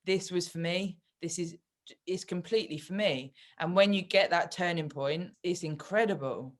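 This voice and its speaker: A woman hosting an interview, talking candidly about her experiences in a relaxed, conversational way. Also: fairly low pitch, moderate pace. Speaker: podcast host and bodybuilder. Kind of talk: casual interview talk.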